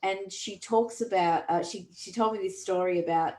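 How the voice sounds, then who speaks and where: A woman's voice: mid-range voice, fairly even intonation, moderate pace, a little mellow. A woman, a podcast host and coach, talking earnestly and reflectively with frequent restarts. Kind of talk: conversational coaching talk. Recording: roomy echo.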